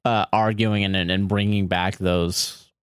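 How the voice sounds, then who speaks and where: A man co-hosting a podcast, agreeable and quick to laugh in casual chat. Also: sits low, flat delivery, clear, resonant tone, no echo, studio quality. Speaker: podcast co-host.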